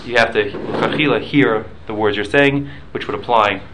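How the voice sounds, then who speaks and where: A Talmud class teacher with a lowish voice leads a casual study class at a moderate pace, patiently explaining points. He mixes in Hebrew and Aramaic study terms and checks in with listeners, with background noise audible.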